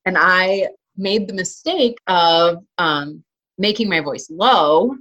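A woman with a notably low-pitched voice talks through her answers in a loose, conversational way. She fills pauses with ums and likes, and restarts her sentences as she goes. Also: a bit bright. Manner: chatty, many fillers and restarts. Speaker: interview guest, hiker and trail runner. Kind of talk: casual interview talk.

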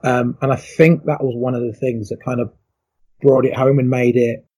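A man's voice: mid-range voice, little pitch movement, moderate pace, a little mellow, slightly rough. A middle-aged man, a former athlete, telling his story in an interview in a reflective, emotional way with many fillers.

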